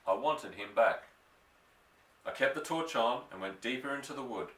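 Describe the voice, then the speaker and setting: A man reading a children's story with an expressive, lively delivery that slows down for suspense. His voice is bright and forward. A roomy echo follows him, and he sits a little back from the mic. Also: mid-range voice, recorded from a distance. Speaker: audiobook reader. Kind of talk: storybook narration.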